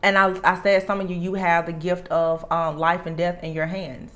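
A woman with a fairly low voice reads tarot cards for an unseen audience. She speaks earnestly and with emphasis, piling on "like" and starting her phrases over as she goes. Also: flat delivery, moderate pace, a bit bright. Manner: earnest and emphatic, with frequent restarts and "like". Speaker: tarot reader. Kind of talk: tarot reading monologue.

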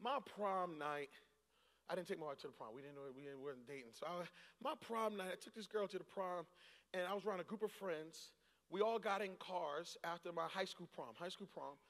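A pastor in his forties preaching a sermon, telling a story and rising into shouts and laughter. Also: high-pitched, a little fast. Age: 40s. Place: large church hall. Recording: long hall reverb.

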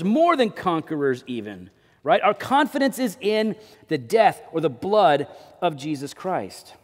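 Pastor guy preaching, pretty high voice, big swings loud to quiet, long echo in the church. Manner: dynamic preaching, swings between loud emphasis and low drops. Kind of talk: sermon. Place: church sanctuary.

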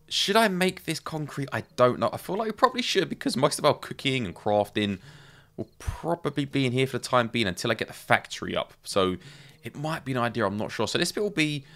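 A man's voice: on the low side, fairly bright tone. A man giving casual, chatty gameplay commentary, thinking aloud as he builds and talks to his viewers. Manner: chatty, thinking aloud, self-talk with playful asides. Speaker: game streamer.

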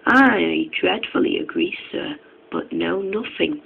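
A man's voice: sits high, lively intonation, takes it slowly, creaky, slightly rough, narrow, tinny audio, heavily acted. A man voicing a sly, lying steam engine who acts humble and innocent in a storybook reading. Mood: feigned innocence. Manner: falsely humble.

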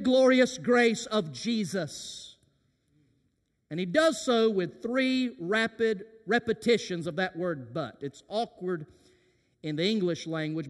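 A preacher with a strikingly high, ringing voice delivers an impassioned sermon to his congregation. He drops to a near hush, then climbs to fervent shouts, and his words ring out through the long reverb of a church sanctuary. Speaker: senior pastor. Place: church sanctuary during worship service.

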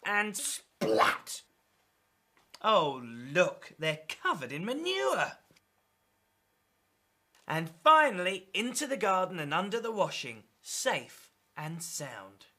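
A man hosting a children's show, reading a picture book aloud in a slow, playful sing-song with sound effects. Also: high voice, very animated, pushed and bright. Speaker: children's storyteller host.

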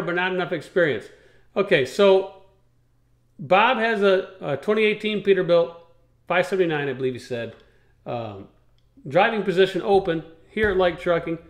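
A man with a somewhat high voice hosts a casual trucking talk show, rambling in a folksy, plain-spoken way. He explains things step by step, and the sound is roomy and echoey. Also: a bit bright.

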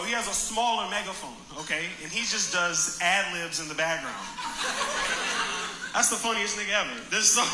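A man doing live stand-up comedy, telling a story with animated, loud impressions of street preachers. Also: high-pitched. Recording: echoey club recording with loud background noise.

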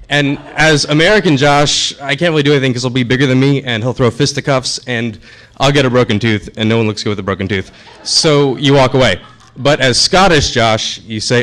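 A man's voice: mid-range voice, lively intonation, brisk, fairly bright tone. A young man performing a stand-up set on a comedy club stage, chatty and self-deprecating with the crowd. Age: young adult.

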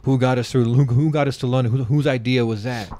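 A man's voice: mid-range voice, steady tone, fast, dark tone. A man co-hosting a podcast, chatting casually about a movie in a rambling, hesitant way, often on the defensive. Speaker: podcast co-host. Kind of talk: casual movie review chat.

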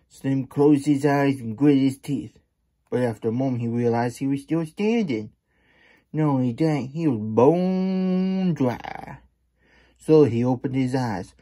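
A man's voice: medium pitch, dark tone. A man hosting a casual storybook reading, with playful cowboy-persona banter and rambling asides. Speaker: children's book reader.

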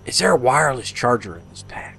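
A man co-hosting a casual gaming session, playful and animated, with bursts of yelling. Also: mid-range voice, fast, gravelly, husky, faint music behind. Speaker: let's play co-host.

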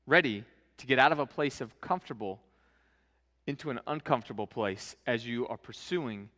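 Bright-voiced preacher in a reverberant hall. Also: male voice, medium pitch. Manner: casual, conversational, acts out scenes in slang. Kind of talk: sermon.

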